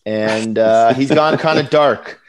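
A man's voice: medium pitch, takes it slowly. A man co-hosting a podcast in casual chat, with dry, wisecracking remarks. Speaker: podcast co-host.

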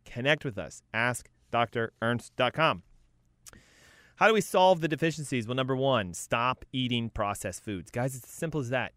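A man's voice: mid-range voice, no room sound, clean studio sound. A man hosting a health talk as a coach, emphatic and punchy, rattling off lists. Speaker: health coach and show host.

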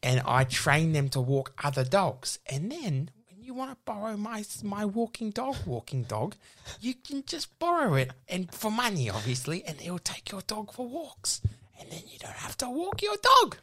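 A man playing a nervous young pitching a silly dog business, who rambles and keeps restarting. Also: very animated, normal speed. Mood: flustered. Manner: rambling, restarts again and again, flustered. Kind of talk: improvised comedy sketch.

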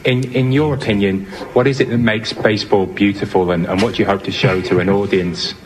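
A man's voice: fairly low pitch, steady tone, a little fast, lightly acted, poor audio. A man doing a polite European reporter. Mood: earnest.

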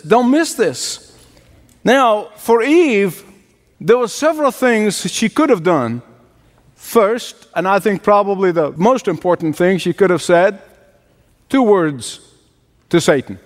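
A man preaching a sermon, emphatic and direct, often dropping to a low, quiet voice for effect. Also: long reverb tail. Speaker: pastor.

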